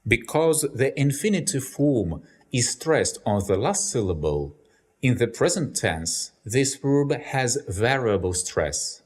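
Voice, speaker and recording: A man with a Russian accent, a native Russian speaker, giving a scripted language lesson with careful, deliberate explanations. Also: mid-range voice, very animated. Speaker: language teacher.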